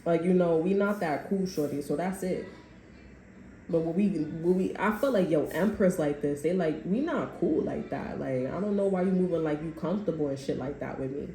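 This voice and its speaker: A woman's voice: low voice, animated, moderate pace, dark tone. Rambling slangy woman tarot reader. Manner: loose, rambling slang-heavy talk, acting out quotes. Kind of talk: casual spoken tarot reading. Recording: echoey room with faint background noise.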